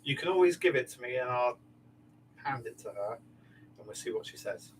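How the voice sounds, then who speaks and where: A man's voice: mid-range voice, lively intonation, moderate pace. A man, a customer, chatting briefly and offhandedly. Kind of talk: casual chat. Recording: distant mic with faint hum.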